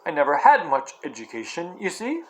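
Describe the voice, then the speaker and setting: A man's voice: fairly high pitch, huge pitch swings, fairly quick. A man doing a humble Cockney cabbie. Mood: humble, earnest. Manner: modest, hesitant, homely speech. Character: humble male London cabbie, earnest, plain-spoken.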